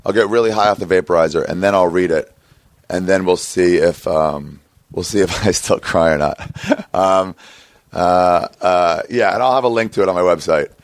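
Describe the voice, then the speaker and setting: A man in his thirties hosting a podcast, rambling and swearing as he tells an animated story in casual chat. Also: deep voice, moderate pace, no room sound. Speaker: podcast host. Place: outdoor patio by a street.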